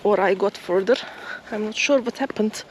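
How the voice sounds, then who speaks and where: A woman vlogging outdoors in a field, musing softly and hesitantly as she walks. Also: mid-range voice, normal speed, a little hiss or hum. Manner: soft, musing, slightly hesitant. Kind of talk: casual outdoor vlog narration. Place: outdoors in a field near a forest.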